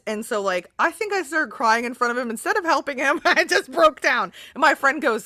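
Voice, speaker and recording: A woman hosting a podcast, chatting casually in a rambling, earnest way full of fillers. Her voice is bright and forward. The sound is dry and close. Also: fairly high pitch, sing-song, brisk, dry recording. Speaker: podcast host. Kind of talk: casual interview chat.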